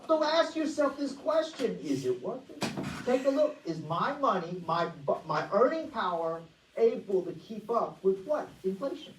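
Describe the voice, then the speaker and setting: A woman giving an energetic money-management workshop presentation, often asking the audience rhetorical questions. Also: on the high side, normal speed, slight background noise. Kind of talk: motivational presentation. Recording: echoey room, voice far from mic.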